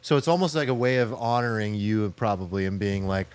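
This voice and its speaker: A man's voice: lowish voice, fairly quick, clear, resonant tone, no room sound. A man co-hosting a podcast, joking and reacting in casual banter, with occasional swearing. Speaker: podcast co-host. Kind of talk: casual chat.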